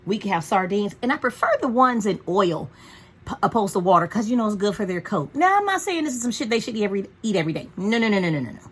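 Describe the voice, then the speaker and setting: A woman's voice: mid-range voice, big pitch swings, fast, husky. A woman vlogging from home in a frank, profane, chatty way about caring for her dog. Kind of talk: casual rambling chat.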